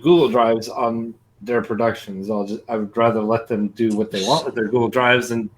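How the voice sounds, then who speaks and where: A man's voice: medium pitch, steady tone, normal speed. A man on a livestream call, explaining things in a matter-of-fact way. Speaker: guest on a livestream. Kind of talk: casual call-in chat.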